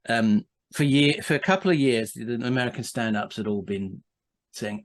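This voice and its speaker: Male podcast guest, mid pitch, rambling storyteller with restarts and laughing asides. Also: normal speed. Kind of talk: casual anecdotal storytelling.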